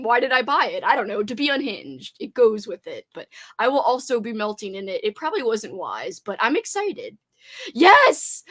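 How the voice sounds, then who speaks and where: A woman's voice: on the high side, very animated, normal speed, fairly bright tone. A young woman, chatting bubbly and casual on a livestream, reading viewer comments aloud and answering them. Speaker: livestream host reading chat.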